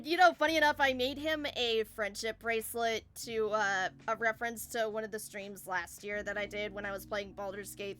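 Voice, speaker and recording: A woman hosting a casual chat, excitable and gushing with fan enthusiasm. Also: mid-range voice, clean tone. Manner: excitable, gushing fangirl energy. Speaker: streamer host.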